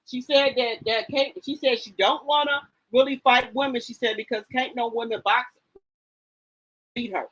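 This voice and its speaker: A woman's voice: fairly high pitch, steady tone, normal speed, a bit bright, husky, low-quality recording. A woman hosting a live stream, chatting casually about gossip and greeting viewers by name in a sassy, chatty way. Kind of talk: casual gossip commentary, reading chat aloud.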